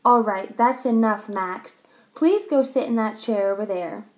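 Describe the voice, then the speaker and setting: A woman's voice: mid-range voice, a little slow, lightly acted. Missus Wushy, a woman reading as a patient schoolteacher. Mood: firm. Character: patient, kindly female schoolteacher. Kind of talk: reading a children's story aloud.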